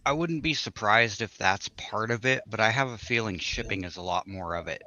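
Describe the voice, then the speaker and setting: A man's voice: lowish voice, fairly quick, sharp tone. A man joining a livestream as a guest, thoughtfully explaining his view. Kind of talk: casual livestream chat. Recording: dull lo-fi audio.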